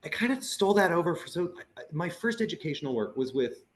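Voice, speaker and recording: A man's voice: a little high, fast talker. A man who works as a puppeteer and teaching artist, talking earnestly in a casual video-call conversation and acting out voices as he tells stories. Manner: earnest and animated, acts out quoted voices.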